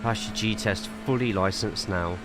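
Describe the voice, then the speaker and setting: A man's voice: on the low side, moderate pace, noisy background. An English man streaming a racing sim, chatting loosely with viewers and giving driving tips. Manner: chatty, rambling, reads viewer chat aloud between driving tips. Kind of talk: casual live-stream chat while driving.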